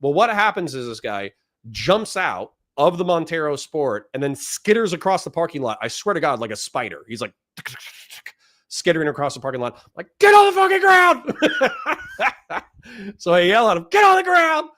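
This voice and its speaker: Animated man telling a war story. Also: a little high, a little fast. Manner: animated storyteller who shouts out quoted lines. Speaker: podcast host, former police officer. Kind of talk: casual storytelling.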